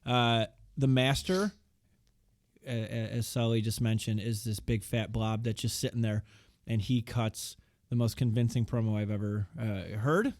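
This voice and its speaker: A man co-hosting a podcast in casual chat, sardonic and quick to swear. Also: fairly low pitch, no echo. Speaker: podcast co-host.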